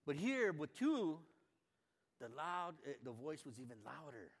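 An older man reading a Bible passage aloud, then musing on it in a folksy, conversational way, rising to loud fervent cries and dropping to quiet asides. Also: fairly high pitch, very animated, measured pace. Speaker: Bible reader and preacher. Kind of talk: informal devotional Bible reading and reflection. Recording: long hall reverb.

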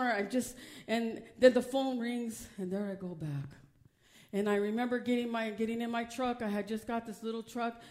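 Woman preacher, testimony sermon, emotional, swings from hushed to loud, slightly high voice. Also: fairly even intonation, moderate pace.

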